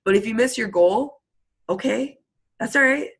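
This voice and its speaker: A woman giving an energetic motivational talk to her sales team, chatty and quick in bursts. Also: on the high side, slightly rough, poor audio. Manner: fired-up, chatty, fast bursts, frequent "like" and "literally". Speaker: network marketing team leader. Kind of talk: motivational live video talk.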